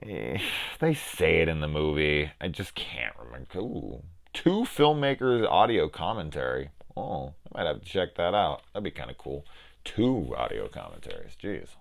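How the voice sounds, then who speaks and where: A man's voice: extremely low pitch, very animated, normal speed, creaky. A young man reviewing a film in a casual, rambling way, swearing freely and acting out bits of conversation. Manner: rambling, profane, with lots of "like" and quoted dialogue.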